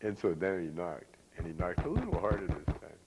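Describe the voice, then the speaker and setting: A man with a very deep voice recounts old stories in a casual interview, laid-back and deadpan. His voice carries a long reverb tail. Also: brisk, background noise. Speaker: interviewee, comedian.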